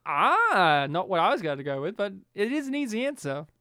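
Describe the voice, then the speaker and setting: A man's voice: sits high, big pitch swings, a little fast, pushed and bright, clean tone, no room sound, clean studio sound. A man co-hosting a podcast in casual chat, joking, laughing often and slipping into silly impressions. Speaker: podcast co-host.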